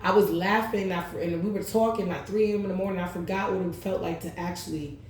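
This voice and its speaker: A woman's voice: fairly low pitch, fairly even intonation, quick pace, darkish tone, slight background noise. A woman hosting her tarot channel, telling a long personal story in a blunt, profane, rambling way. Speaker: tarot reader, channel host. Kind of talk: casual storytelling vlog. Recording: very echoey room.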